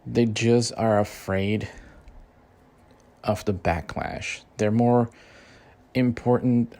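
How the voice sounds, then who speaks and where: A man's voice: medium pitch, steady tone, slow, mellow. A man hosting a casual rant show, heated and loose, swearing heavily and filling gaps with "you know" and "like.". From Mexican-American. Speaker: podcast host.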